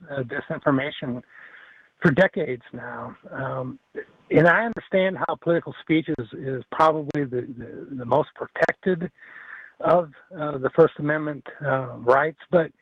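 A man calling a talk radio show, earnest and deliberate. His slightly raised voice comes through a tinny telephone line. The sound is dry. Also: on the high side, no echo. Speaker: radio caller.

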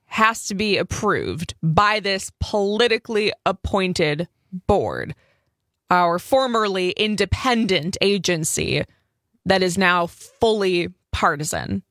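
A woman's voice: medium pitch, lively intonation, takes it slowly, fairly bright tone, no room sound, studio quality. A woman co-hosting a talk radio show, adding wry, short reactions and questions. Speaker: radio co-host. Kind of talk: casual talk radio banter.

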